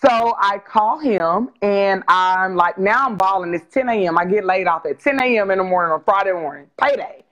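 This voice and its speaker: A woman in her forties, a guest telling her life story on a video call interview, open and animated. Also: medium pitch, moderate pace, hardly any pauses, rough recording. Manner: animated, open, acts out quoted dialogue with laughs.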